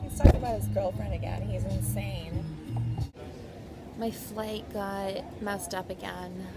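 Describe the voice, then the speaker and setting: Over loud music, a female vlogger talks to camera at an unhurried pace, her mid-range voice delivered flatly. Her travel-vlog chatter is casual and heavy with fillers like "like" and "um," captured on a handheld setup amid noisy surroundings.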